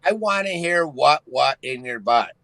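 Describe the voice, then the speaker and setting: A man's voice: medium pitch, lively intonation, unhurried, fairly bright tone, no room sound. A man calling in as a guest on a chat show, talking in an erratic, blunt and profane way. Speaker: call-in guest. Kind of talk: casual chat on a call.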